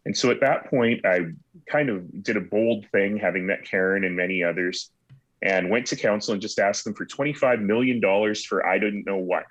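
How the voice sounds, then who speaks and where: A man's voice: lowish voice, moderate pace, fairly bright tone, no echo, dull audio. A man who is a city mayor, talking earnestly and with confidence as a guest on a video call interview. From Canada.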